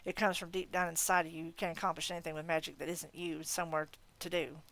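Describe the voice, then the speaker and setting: A woman reading a novel aloud in an expressive, casual manner. Her voice is getting tired. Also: deep voice, fast. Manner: expressive reading, breaking off to laugh and comment. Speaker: audiobook reader.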